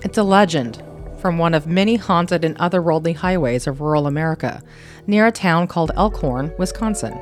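A woman co-hosting a podcast in casual comedic chat, quick to laugh and swearing freely. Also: fairly low pitch, faint music behind. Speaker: podcast co-host.

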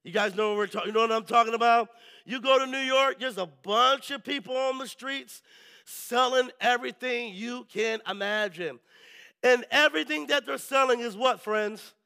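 High, bright-voiced preacher man. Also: normal speed, vocal fry, smooth. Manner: lively storytelling, keeps asking the crowd "right?". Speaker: pastor. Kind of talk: sermon.

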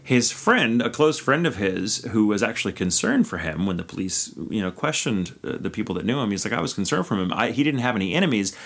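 Low-voiced man telling history casually. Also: very animated, a little fast, few pauses, fairly bright tone. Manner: rambling, frequent restarts and profanity. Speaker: podcast co-host. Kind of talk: casual storytelling chat.

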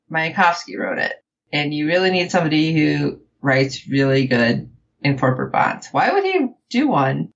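A woman co-hosting a casual recap show, animated and acting out the characters' lines as she tells it. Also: fairly low pitch, muffled recording, a little hiss or hum. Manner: animated, quotes characters in playful voices. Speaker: podcast co-host.

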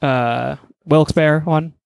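Profane young man with a higher voice. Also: fairly even intonation, slow, gravelly, smooth, no room sound. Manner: swears constantly, rambling anecdotes. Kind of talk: casual chat.

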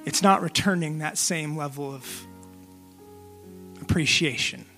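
A man in his thirties preaching a sermon in a casual, conversational way, asking the congregation direct questions and pausing to let them reflect. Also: a little high, pushed and bright, soft background music. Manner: conversational, direct, asks questions, pauses to let listeners think. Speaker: pastor.

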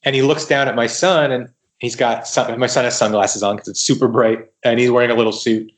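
A man guesting on a podcast tells stories in a casual, lively way. He acts out the quoted dialogue and often restarts a sentence mid-thought. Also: medium pitch, brisk. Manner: animated retelling with quoted dialogue and frequent restarts. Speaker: guest writer. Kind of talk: casual storytelling in a podcast interview.

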